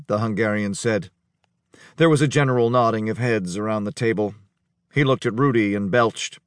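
A man reading an audiobook in a measured, even storytelling manner. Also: lowish voice, dry recording. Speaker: audiobook narrator. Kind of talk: scripted narration. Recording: dry studio, close mic.

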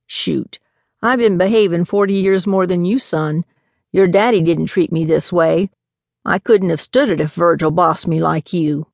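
A woman's voice: lowish voice, normal speed, creaky, no echo, clean studio sound. A woman voicing a feisty grandmother in her seventies, sassy and doting. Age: 70s. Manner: sassy, doting, guilt-tripping. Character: feisty 73-year-old Southern grandmother.

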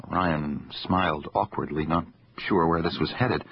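A man narrating a suspense novel in a measured, even storytelling manner. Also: sits low, vocal fry, slightly rough, lo-fi sound. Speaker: audiobook narrator. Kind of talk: scripted narration.

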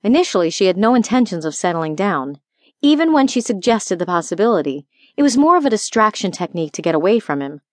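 A woman narrating a fantasy romance audiobook in a steady, even storytelling manner. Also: medium pitch, quick pace, dry recording. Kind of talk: scripted narration.

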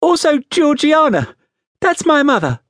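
A man voicing a terrified small boy who pleads timidly in a high, quavering voice. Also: sing-song, moderate pace, dry recording, studio quality. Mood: frightened pleading.

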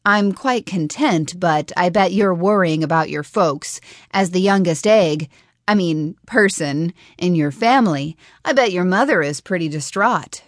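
A woman's voice: lowish voice, measured pace, no room sound, clean studio sound, lightly acted. A woman voicing a playful young female dragonette with a light, breezy, teasing manner in an audiobook. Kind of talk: audiobook character voice.

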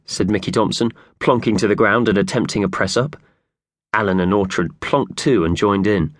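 A man's voice: lowish voice, moderate pace, dry recording, clean studio sound. A man narrating a children's audiobook in a playful storytelling manner.

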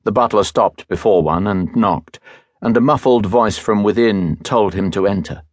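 A man reading an audiobook as narrator, in a measured, even storytelling manner, close to a studio microphone. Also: on the low side, no room sound. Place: recording studio.

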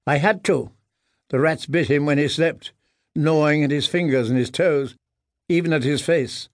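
A man narrating an audiobook in a measured, grave storytelling manner. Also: a little high, steady tone, no echo, studio quality. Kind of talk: scripted narration.

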